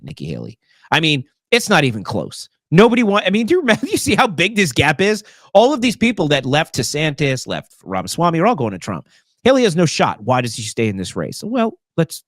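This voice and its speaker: A man hosting a casual political commentary show, animated and sarcastic, with many fillers. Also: medium pitch, dry recording, studio quality. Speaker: show host.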